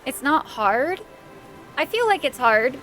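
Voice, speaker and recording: A woman's voice: high voice, big pitch swings, slow, a bit bright. A woman live streamer chatting casually with viewers while playing a game, thanking people by name and laughing easily. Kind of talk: casual chat while gaming. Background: faint game music.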